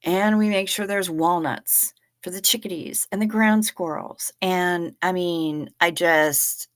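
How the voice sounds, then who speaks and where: A woman's voice: lowish voice, slow pace. A woman hosting a live stream, chatting casually in a joking, profane way while reading viewer comments. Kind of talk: casual chat.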